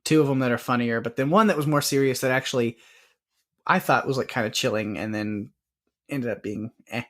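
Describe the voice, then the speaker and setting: A man co-hosting a movie podcast, chatting casually and rambling with lots of fillers and quick laughs. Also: mid-range voice. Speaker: podcast co-host. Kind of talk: casual movie review chat.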